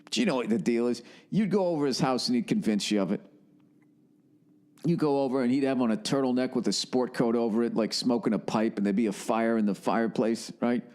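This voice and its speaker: Profane, rambling comic podcast host. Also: male voice, mid-range voice, darkish tone. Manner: profane, sarcastic, tangent-prone.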